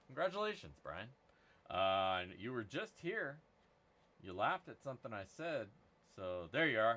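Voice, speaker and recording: This medium-pitched man swings widely in pitch, speaking at a measured pace in a pushed, bright voice. Hosting his channel's gold prospecting giveaway stream, he banters casually with crude, rambling humor.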